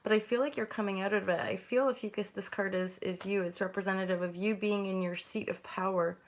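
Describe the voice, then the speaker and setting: A woman hosting a casual intuitive tarot reading, chatty and rambling, with sudden bright greetings. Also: mid-range voice, fairly even intonation, fairly quick. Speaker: host and tarot reader.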